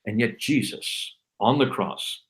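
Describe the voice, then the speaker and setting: A livestream co-host and Christian apologist preaches an impassioned monologue, fervently urging listeners on with emphatic, repeated refrains. His voice is lowish and slow, and the audio quality is poor.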